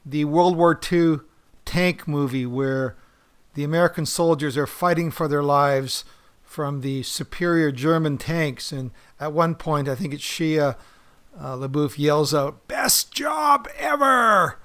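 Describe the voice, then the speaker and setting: A man's voice: on the high side, fairly even intonation, unhurried, clean tone. A middle-aged man hosting a podcast in a casual monologue, rambling with many ums, uhs and restarts. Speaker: podcast host.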